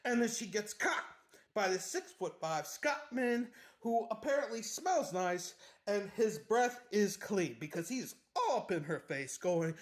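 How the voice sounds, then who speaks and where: Man, chatty joking book recapper, high voice. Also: expressive, a little slow. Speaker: book summary host.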